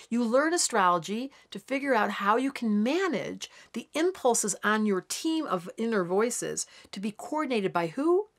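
A woman astrologer gives a daily horoscope straight to her viewers. Her delivery is chatty and animated. She slips into quick character voices to act out the signs. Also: mid-range voice. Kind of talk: daily horoscope talk to camera.

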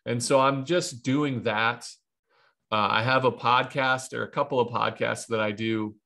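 A man from Ohio in his thirties talks as an interview guest, rambling through baseball stories. He restarts and circles back often. His voice sits at an ordinary pitch. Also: fairly even intonation, measured pace, vocal fry, pushed and bright. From Ohio, USA. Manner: rambling, with frequent restarts and asides. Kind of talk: casual interview storytelling.

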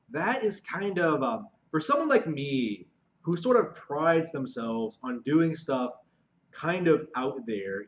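A man's voice: fairly high pitch, muffled recording. A man talking off the cuff to his channel about his writing, stumbling over his words with many fillers and restarts, sounding frustrated. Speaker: aspiring novelist vlogger. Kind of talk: unscripted monologue to camera.

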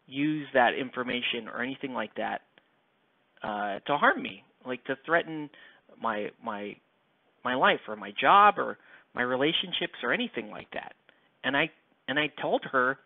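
A man's voice: a little high, dry recording. A young man chatting casually while painting, rambling and self-mocking as he reads comments aloud. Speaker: painting streamer. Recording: dry, tinny, phone-like sound.

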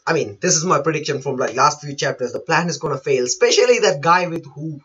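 A man's voice: on the high side, expressive, fast talker, sharp tone, husky, muffled recording. A man who is not a native English speaker, chatting through a manga chapter live, reading panels aloud and laughing often. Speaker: manga reaction host. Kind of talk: live reaction commentary.

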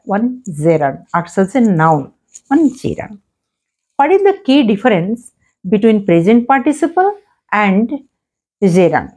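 A woman teaches grammar, her tone soft and slightly husky. Her pitch swings widely as she quizzes herself and answers. She repeats each example slowly and patiently. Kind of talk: explaining grammar lesson.

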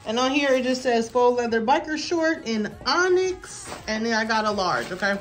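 A young adult woman filming a casual try-on haul at home, chatty and excited, calling viewers y'all and baby. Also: a little high, normal speed. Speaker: fashion vlogger.

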